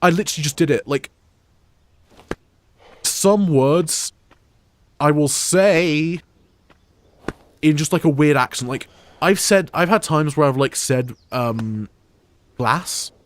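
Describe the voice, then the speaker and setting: Taking it slowly and pausing often, a young British man with a fairly high voice chats casually while streaming a game, with a little hiss or hum in the audio. His English accent has Scottish touches, and he rambles with many fillers and restarts.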